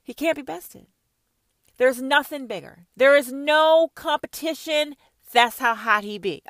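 Woman host, confrontational, preachy and profane; bright, forceful voice, close and dry. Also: high voice, a little slow, no room sound. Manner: swings from shouts to hushed whispers. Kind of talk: ranting monologue.

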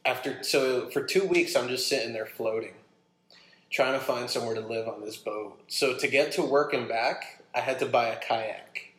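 A man casually telling a long personal story, animated and acting out what people said. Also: medium pitch, normal speed. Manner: animated, acts out his own quotes. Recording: roomy echo.

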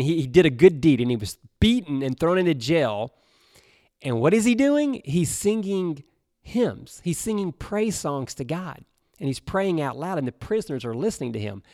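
A man giving an animated, jokey Bible lesson as a preacher, acting out what people might say. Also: no echo, clean studio sound. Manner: expressive, jokey, acts out quotes with big pitch jumps.

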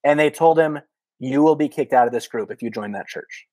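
A man in his thirties tells a story on a podcast, jumping up high in pitch whenever he acts out a scream or a quote. His voice sits mid-range and the sound is dry and close. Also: a little fast, no echo, low-quality recording. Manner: animated storyteller, many "like" fillers, acts out quotes. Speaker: podcast guest, former missionary. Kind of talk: casual storytelling.

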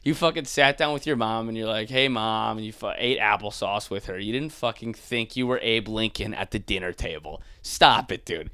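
A young adult man, a comedian, ranting casually and profanely, mocking people with quick put-on voices. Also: lowish voice, clean tone, dry recording, studio quality. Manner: animated, profane, mocking impressions.

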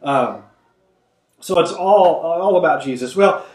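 A man leads a Bible study in an earnest, conversational way, pausing often to cough and clear his throat. His voice sits a little high, and the room adds a noticeable echo. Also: lively intonation, darkish tone. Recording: echoey room.

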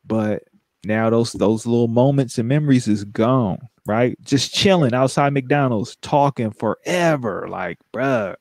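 A man's voice: mid-range voice, animated, unhurried, creaky, darkish tone, no echo, studio quality. A man co-hosting a casual chat, telling jokey stories in a slangy way. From San Francisco. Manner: joking, slangy storyteller.

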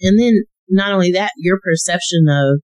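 A man's voice: high voice, normal speed, a little mellow, no room sound, rough recording. A man hosting a faith-based podcast, affirming and effusive as he encourages listeners. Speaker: podcast host.

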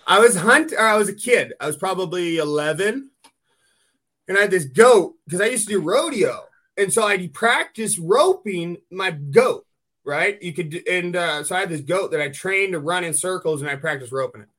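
A man from California hosting a podcast, telling hunting stories in a casual, animated way and swearing freely. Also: high-pitched, moderate pace. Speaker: podcast host. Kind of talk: casual chat.

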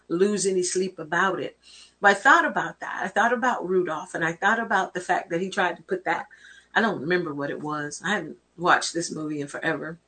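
Husky-voiced woman giving an encouraging talk. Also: fairly low pitch, sharp tone. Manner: preachy, encouraging, quotes scripture. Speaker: host. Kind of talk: inspirational talk.

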